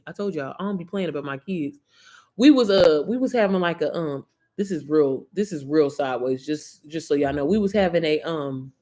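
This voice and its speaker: A woman chatting on a livestream from her phone, rambling, emotional and swearing freely. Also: mid-range voice. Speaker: live streamer. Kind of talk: casual livestream chat.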